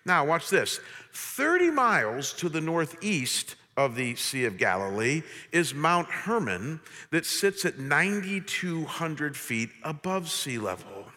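A man preaching a sermon, lively and humorous, speaking straight to his congregation. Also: a little high, slow. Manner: animated, humorous, addresses congregation directly. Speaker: pastor. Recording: long reverb of a large hall.

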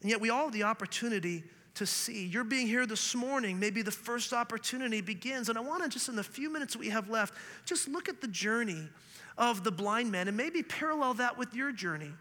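A man from Canada preaching a sermon as a pastor, earnest and animated, telling stories with humor. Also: very high voice, a little fast. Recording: long reverb of a large hall.

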